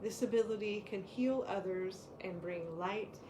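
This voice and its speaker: A woman co-hosting a spiritual talk, reading card meanings aloud in a measured way and laughing often in the chat. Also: medium pitch, roomy sound, noisy background.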